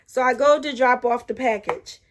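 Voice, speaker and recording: A middle-aged woman telling a casual story-time vlog. She speaks animatedly, keeps turning to her viewers with asides, and restarts her sentences often as she gets excited. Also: a little high, moderate pace, a little hiss or hum. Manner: animated, talks straight to viewers with frequent asides.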